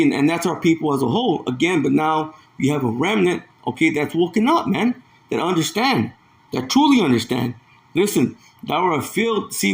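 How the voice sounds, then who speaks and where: A man teaching from the Bible in a loose, conversational way, with a voice sitting a touch higher than most. He reads verses slowly and keeps breaking in with "man," "okay" and "see." He often repeats himself as he works through a point. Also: vocal fry. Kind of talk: informal scripture teaching.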